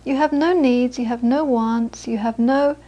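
Brief: woman, Buddhist teacher with a high voice, animated storyteller who turns gentle and earnest in teaching. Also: measured pace, muffled recording. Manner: lively storytelling, acts out the people she quotes. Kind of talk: dharma talk to a small audience.

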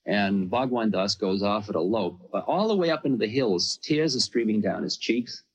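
Man, rambling personal storytelling, husky voice, muffled lo-fi recording. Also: on the low side, lively intonation, moderate pace. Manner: rambling and conversational, full of "you know". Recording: dull lo-fi recording.

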